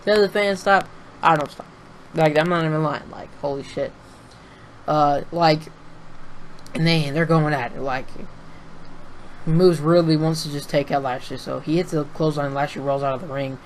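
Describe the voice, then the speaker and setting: An excitable young man talks straight into his webcam, recapping a wrestling show in a loose, rambling way. He swears freely and breaks into laughter as he retells it. A faint hiss of noise sits under his voice. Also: on the high side, moderate pace, pauses often, rough recording. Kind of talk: casual recap with face cam.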